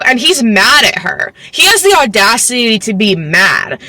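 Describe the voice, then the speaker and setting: A woman's voice: fairly high pitch, big pitch swings, measured pace, pushed and bright, dry recording, low-quality recording. A young woman casually recapping a novel, chatty and sarcastic, full of "like" and giggling asides. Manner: swears casually. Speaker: book recap vlogger.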